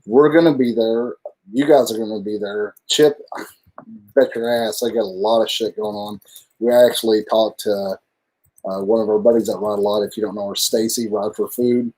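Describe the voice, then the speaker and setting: A man's voice: lowish voice, fairly even intonation, normal speed, mellow. A man co-hosting a casual live stream. He rambles loosely through his thoughts, swears freely and keeps an easygoing, unpolished tone. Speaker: livestream co-host.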